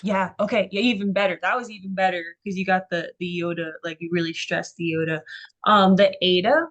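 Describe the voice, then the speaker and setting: A woman's voice: mid-range voice, steady tone. A woman tutoring a Greek workshop, talking in an encouraging way with many fillers. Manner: encouraging, unhurried, with frequent fillers. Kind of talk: online tutoring session.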